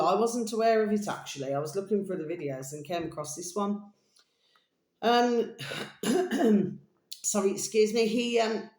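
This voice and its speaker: A woman's voice: on the low side, a little mellow. An English woman hosting her own channel, talking in a meandering, chatty monologue that keeps wandering off and coming back, with fond pet names for her listeners. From England. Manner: chatty, meandering, calls listeners "my delicious babies". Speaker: channel host. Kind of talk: rambling casual monologue. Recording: roomy echoey home room.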